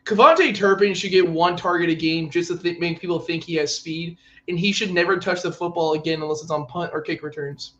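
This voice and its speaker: Excitable man ranting about football. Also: fairly high pitch, lo-fi sound. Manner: ranting, exasperated, quick to quote players in mock voices. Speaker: podcast co-host. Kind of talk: casual sports chat.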